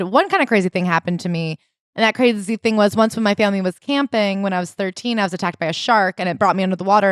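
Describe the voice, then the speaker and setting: A woman co-hosting a casual book-club podcast, retelling a story in an animated way with quoted voices. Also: medium pitch, no echo, clean studio sound. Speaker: podcast co-host.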